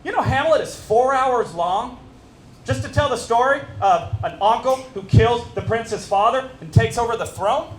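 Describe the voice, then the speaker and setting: A man in his fifties doing a stand-up set at a fundraiser, animated and self-mocking as he teases the audience. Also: extremely high pitch, moderate pace. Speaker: stand-up comedian. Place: stage at a fundraiser event. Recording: echoey room with crowd noise. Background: audience laughter.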